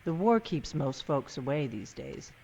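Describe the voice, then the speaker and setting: A woman's voice: low voice, animated, measured pace, vocal fry, warm tone, breathy edge, exaggerated voice. A woman playing a guarded, secretive innkeeper in a video game, blunt and suspicious in her questions, on dull muffled game audio.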